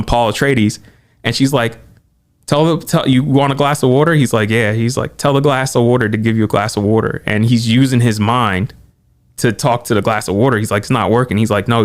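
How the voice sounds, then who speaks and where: A man co-hosting a podcast, talking quickly and excitedly in casual movie chat and acting out quotes as he goes. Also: medium pitch. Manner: excited, animated retelling with quoted asides. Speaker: podcast co-host.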